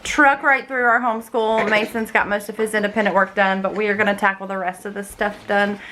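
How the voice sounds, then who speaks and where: A woman's voice: medium pitch, little pitch movement, sharp tone, slight background noise, low-quality recording. Chatty mom reading aloud to her kids. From United States. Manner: chatty, reads aloud slowly and clearly. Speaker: homeschooling mom and vlogger. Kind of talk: casual vlog and reading aloud to children. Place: home schoolroom.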